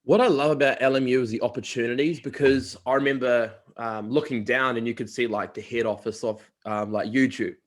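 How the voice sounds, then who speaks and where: A man's voice: mid-range voice, steady tone, brisk, few pauses. A man with a New Zealand accent, a college recruiter, chatting casually as he interviews a guest and shares anecdotes.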